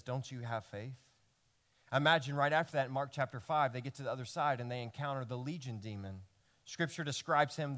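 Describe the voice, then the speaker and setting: Male pastor preaching a storytelling sermon. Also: medium pitch. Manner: storytelling, swinging between loud emphasis and hushed lines. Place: church service before a congregation.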